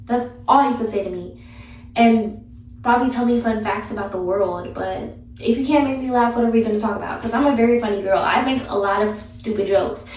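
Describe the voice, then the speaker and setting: A woman's voice: on the high side, a little fast, a little mellow, slight background noise. A young woman vlogger giving blunt, sassy advice in a casual, chatty way. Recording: echoey room, mic far off.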